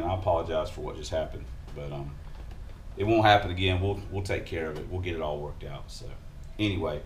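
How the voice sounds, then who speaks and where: A man's voice: low voice, a little mellow, a little hiss or hum. A man hosting a casual car-project vlog from his home workshop, laid-back and rambling, poking fun at himself. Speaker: channel host.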